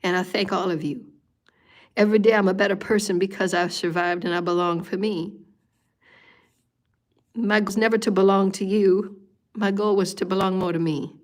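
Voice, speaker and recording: Woman, spiritual meditation host, emotional, repetitive, pleading, whispers at times, medium pitch. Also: fairly even intonation, moderate pace, pauses often. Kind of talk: emotional spiritual talk during a live meditation.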